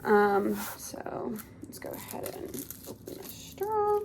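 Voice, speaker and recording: A woman's voice: fairly high pitch, big pitch swings, slow pace, gravelly, background noise. A young woman giving a clinical exam, giving polite step-by-step instructions and often saying "awesome". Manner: polite, encouraging, repeats "awesome". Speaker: speech therapy student examiner.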